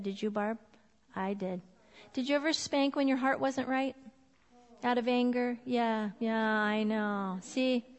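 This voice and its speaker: A woman's voice: on the high side, a little mellow. Earnest woman teaching in a reverberant hall. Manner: conversational, earnest, emphatic repetitions. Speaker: parenting class speaker. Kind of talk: informal teaching talk to a group.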